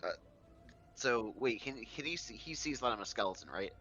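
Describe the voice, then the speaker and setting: A man's voice: medium pitch, expressive, moderate pace, pushed and bright, dull audio, faint music behind. A man playing a tabletop role-playing game, speaking hesitantly with lots of fillers. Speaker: player. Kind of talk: casual tabletop game play.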